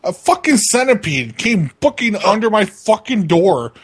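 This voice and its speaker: A man casually telling a profane, animated story about a bug to his co-hosts. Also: high-pitched, unhurried, breathy edge. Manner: swears constantly, animated storytelling. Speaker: co-host of a prank call show.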